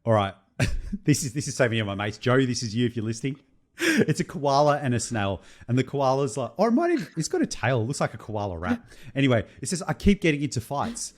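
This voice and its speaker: A man's voice: mid-range voice, fast. A young adult man, co-hosting a casual podcast chat and laughing often as he tells stories. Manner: animated, laughs often while telling jokes. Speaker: podcast co-host.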